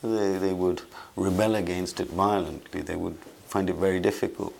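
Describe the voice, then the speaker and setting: A man giving conversational commentary as an interview guest, halting with frequent restarts and repeated words. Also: low-pitched, fairly even intonation, vocal fry, darkish tone.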